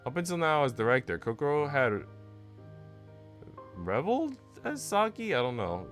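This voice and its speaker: A man streaming, reading a visual novel aloud in an animated way with asides. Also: on the low side. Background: faint game music.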